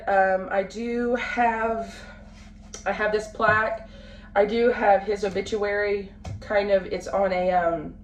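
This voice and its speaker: A woman in her late twenties, a family vlogger talking casually to the camera at home, halting and full of fillers and restarts. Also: mid-range voice, fairly even intonation. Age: late 20s. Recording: roomy, from a distance, faint background noise.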